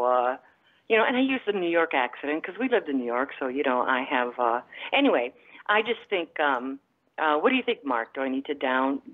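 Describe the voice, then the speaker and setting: A woman from the Midwest calling in to a talk show, rambling and halting with lots of fillers. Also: rumbling low, narrow, tinny audio. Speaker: caller. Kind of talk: phone-in chat.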